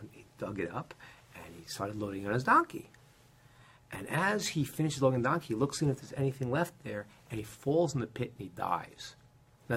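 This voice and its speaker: A middle-aged man teaching a casual Torah class, telling stories with many restarts and animated asides. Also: medium pitch, slightly rough.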